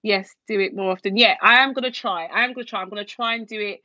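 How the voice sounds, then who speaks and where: A woman's voice: medium pitch, quick pace, pushed and bright, no room sound, dull audio. A young woman chatting casually on a livestream, gushing and using lots of fillers as she answers viewer comments. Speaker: YouTube livestream host and shop owner.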